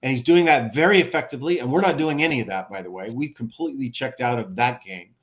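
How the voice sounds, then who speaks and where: An American man, a former ambassador, giving an animated, conversational expert talk with rhetorical questions and frequent restarts, over a video call. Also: medium pitch, quick pace, dull audio.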